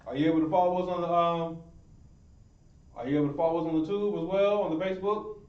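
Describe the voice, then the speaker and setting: A man's voice: on the high side, steady tone, fast talker. Man teaching a class in an echoey room. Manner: encouraging, repeats praise. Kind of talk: Hebrew language class. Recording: echoey room, far mic, muffled.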